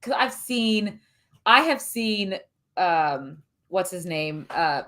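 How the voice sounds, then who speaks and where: A woman's voice: fairly low pitch, expressive, takes it slowly, fairly bright tone. A woman co-hosting a casual movie review chat, talking loosely and often hunting for the right word. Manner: searches for words, chatty, laughs often. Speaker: podcast co-host.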